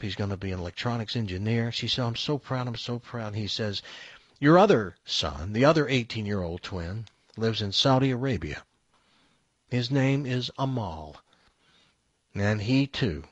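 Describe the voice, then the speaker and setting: Husky radio host telling a joke. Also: male voice, no echo, muffled recording. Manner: storytelling, drops low and quiet for punchlines. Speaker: radio morning show host.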